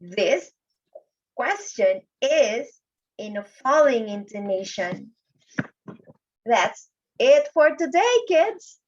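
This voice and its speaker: Slow, patient grade one teacher woman. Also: on the high side. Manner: patient, drawn-out, addresses kids often. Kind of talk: slow classroom lesson for children. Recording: dull lo-fi recording.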